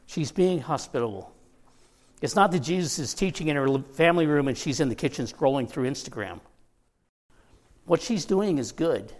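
A male pastor preaching a sermon in a relaxed, conversational way, slipping joking asides to the listeners between points. His voice sits a little above the usual male range. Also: fairly high pitch.

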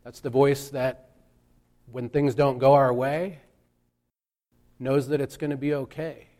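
A man giving a reflective sermon, speaking in a measured way and pausing for emphasis. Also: mid-range voice, flat delivery, a little mellow. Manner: slow, measured, with pauses for emphasis. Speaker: preacher.

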